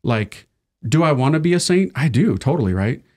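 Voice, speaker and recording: A man's voice: a little high, big pitch swings, normal speed, a little mellow. A man who is a Catholic priest, telling stories in a casual, self-deprecating way. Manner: chatty, self-deprecating storytelling. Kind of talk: casual conversation.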